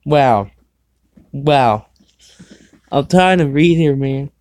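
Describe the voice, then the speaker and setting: A man's voice: mid-range voice, expressive, extremely slow, darkish tone, no room sound. A man hosting his own show, casually reading fan fiction aloud, stumbling over the text and breaking off for sarcastic asides. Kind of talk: casual dramatic reading with commentary.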